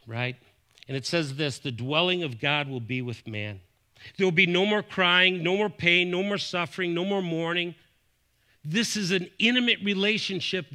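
A middle-aged man from Buffalo, New York, preaching a sermon, his voice rising and dropping sharply as he makes his points. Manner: animated preaching, rising and falling in pitch and volume. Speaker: pastor.

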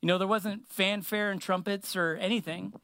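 A man preaching a sermon in a relaxed, conversational way, slowing his words down to stress a point. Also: sits high, noisy background. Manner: conversational, slows words down for emphasis.

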